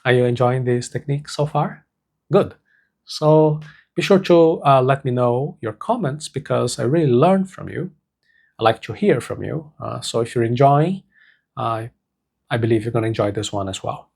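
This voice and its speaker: Gravelly-voiced man teaching slowly. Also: medium pitch, a little mellow. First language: Portuguese. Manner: slow, deliberate, repeats key words. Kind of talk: self-help lesson.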